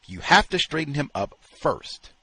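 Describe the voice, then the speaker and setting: A man's voice: on the high side, very animated, normal speed, bright, forceful tone, slightly rough, no echo, voice pushed up, heavily acted. A man voicing a strained, outraged male animal trainer, read aloud from a novel. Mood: firm.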